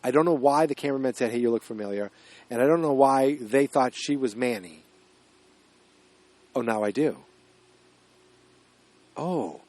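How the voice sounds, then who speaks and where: Male podcast host, mid-pitched, casual and meandering plot recap, dry close sound. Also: moderate pace, long pauses, a little mellow, dry recording. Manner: rambling, puzzled, with many restarts and fillers.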